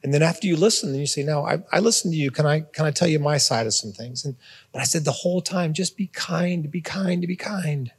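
Man, pastor, conversational sermon, husky, raised pitch, long hall reverb. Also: fast. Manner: conversational, repeats words, informal asides. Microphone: phone or portable device.

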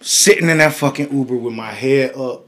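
A man hosting a podcast, telling a profane story in a casual, animated way, swinging from loud bursts to hushed asides. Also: medium pitch, moderate pace. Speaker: podcast host.

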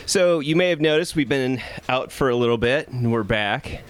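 A man's voice: mid-range voice, lively intonation, moderate pace, smooth. A man hosting a podcast in casual joking chat, teasing his co-hosts. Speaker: podcast host.

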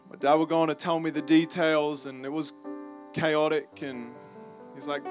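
Man, Australian accent, slightly high voice, earnest emotional testimony, halting restarts, faint music underneath. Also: level tone. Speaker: campus ministry speaker. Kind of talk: personal testimony sermon.

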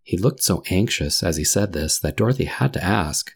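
A man reading a children's fantasy story aloud, slowly and clearly, for English learners. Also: low voice, animated. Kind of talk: scripted narration for English learners.

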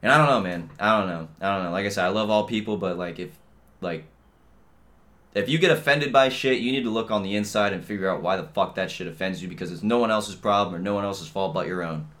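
A young man holds forth alone on his podcast in a loose, profane rant. His talk wanders and is stuffed with slang fillers. He drifts between quiet grumbling and sudden loud outbursts. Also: quick pace. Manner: profane, rambling, heavy on "dude" and "bro" fillers; swings between low mutters and loud outbursts. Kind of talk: casual ranting monologue.

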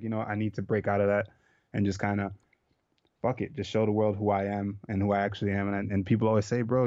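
Low-voiced laid-back fighter, dull lo-fi sound. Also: male voice, a little mellow, no echo. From Jamaica. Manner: laid-back, loose, swears casually. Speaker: professional fighter. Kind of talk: casual interview chat.

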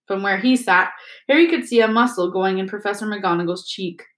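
A woman teacher reading a chapter book aloud to her students in a steady, expressive way. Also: medium pitch, brisk, echoey room, rough recording. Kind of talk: storybook read-aloud.

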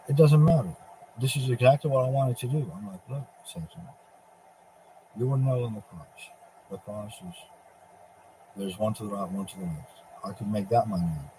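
A man's voice: lowish voice, normal speed, pauses often, dark tone, a little hiss or hum, low-quality recording. Man ranting in a profane, taunting voice. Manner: speaks in the first person as a divine figure addressing Satan. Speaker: religious preacher. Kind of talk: ranting religious monologue.

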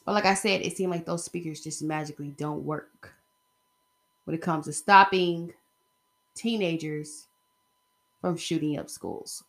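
A woman's voice: sits low, fairly even intonation, measured pace, long pauses. A woman talking in a casual opinion vlog, rambling and emphatic as she speaks straight to her viewers. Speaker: vlogger.

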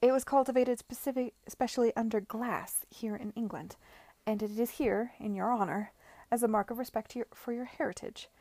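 A woman reading aloud, voicing an imperious elderly aristocratic lady with a commanding, loud manner. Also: fairly high pitch, steady tone, brisk, dry recording. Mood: stiff, affronted.

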